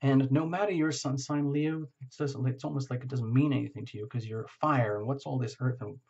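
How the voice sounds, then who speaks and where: A man with a husky, breathy voice talks through a tarot reading in an upbeat, encouraging way. He addresses the listener directly and sounds enthusiastic. The recording is a little dull and lo-fi. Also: medium pitch, fairly even intonation, a little fast, darkish tone. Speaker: tarot reader. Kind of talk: casual spoken tarot reading.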